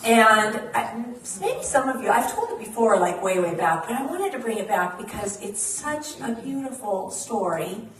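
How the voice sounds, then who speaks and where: A woman's voice: a little high, sing-song, normal speed, hardly any pauses, crowd noise. A woman minister giving a chatty sermon and announcements in a bubbly, laughing way. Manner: bubbly, laughing, warm storyteller. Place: church hall. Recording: echoey hall, mic at a distance, faint ambience.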